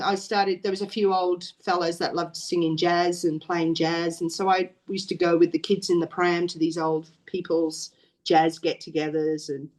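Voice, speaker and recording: A middle-aged woman with an Australian accent, a guest in an interview, rambling through stories with restarts. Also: lowish voice. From Wales. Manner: rambling and chatty, with frequent restarts and laughs. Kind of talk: casual storytelling chat.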